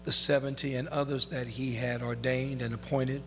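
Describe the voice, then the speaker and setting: A man preaching a sermon as pastor, reading scripture in a slow, drawn-out way. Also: medium pitch, level tone, over music. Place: church sanctuary. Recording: reverberant hall.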